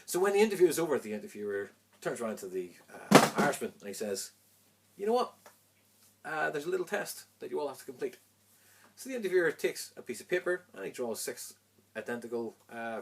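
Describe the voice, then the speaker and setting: A man telling a long joke with lively delivery. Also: fairly high pitch, gravelly, slightly rough. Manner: animated, acts out voices in punchlines. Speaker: joke teller. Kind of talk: storytelling a joke.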